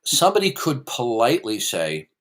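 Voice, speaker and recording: A man's voice: mid-range voice, wildly swooping pitch, moderate pace, a bit bright. A man hosting a heated call-in debate, condescending and combative, quizzing the caller. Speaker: host.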